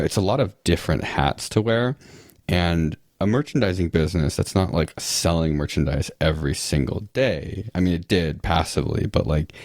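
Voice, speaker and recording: A man with an extremely low, deep voice chats as a guest on a podcast. He rambles through thoughts with lots of "like" and restarts, and drops the odd dry sarcastic aside. The sound is close and dry, with no room echo. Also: darkish tone. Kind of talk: casual interview chat.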